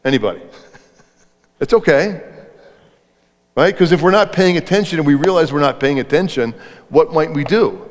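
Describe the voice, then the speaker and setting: A man's voice: a little high, animated, moderate pace, pauses often. Man giving a talk in a reverberant hall. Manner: conversational, asks the audience questions. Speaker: speaker on leadership. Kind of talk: interactive live talk to an audience. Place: event hall before an audience.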